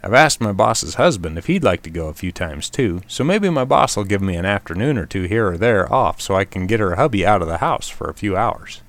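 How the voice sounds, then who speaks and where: A man's voice: fairly low pitch, sing-song, a little fast, few pauses, no echo. A man hosting a short outdoors radio segment, reading a scripted commentary in a wry, self-deprecating way.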